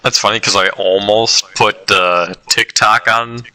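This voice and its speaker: A man's voice: lowish voice, steady tone, a little slow, sharp tone, rough recording. A young man in casual chat about songs he dislikes, rambling a little and laughing often.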